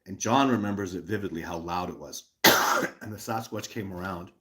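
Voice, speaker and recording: A man hosting a live stream, answering chat questions in an excitable, emphatic way, repeating words and restarting sentences, with loud bursts on sudden words. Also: sits low, brisk. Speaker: host of a live show.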